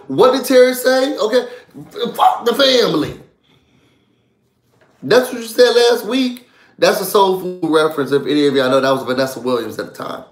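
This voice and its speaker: Man, high-pitched voice, fired-up profane rant, live recap host, roomy echo. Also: expressive, normal speed, faint music behind. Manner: heated, profane, emphatic. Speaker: reality show recap host.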